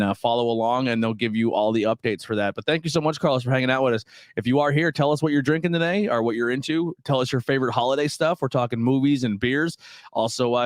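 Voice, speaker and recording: Swearing, animated male podcast host. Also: medium pitch, no room sound, studio quality. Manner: animated storyteller, swears freely, acts out quoted voices. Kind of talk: casual podcast chat.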